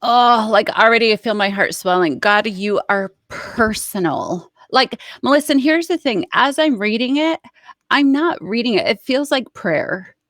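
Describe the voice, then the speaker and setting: A woman's voice: on the high side, dry recording, studio quality. A woman co-hosting a women's Bible study livestream, reacting expressively and joking with her partner in casual chat. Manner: expressive, quick to react and joke.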